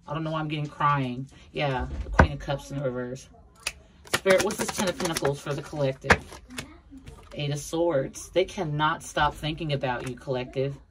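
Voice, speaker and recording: Tarot reader voice, mid-pitched, chatty and blunt, over steady background noise. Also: moderate pace. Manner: chatty, repeats herself, addresses viewers as a collective; blunt, occasional swearing. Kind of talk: casual tarot reading monologue.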